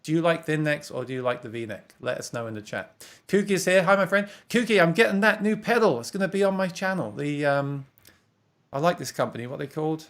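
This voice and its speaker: A chatty English man hosting a livestream, running through viewer comments and laughing easily. His voice sits a little high for a man. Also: fast talker, a bit bright. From England. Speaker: host of a guitar livestream. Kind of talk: casual livestream chat.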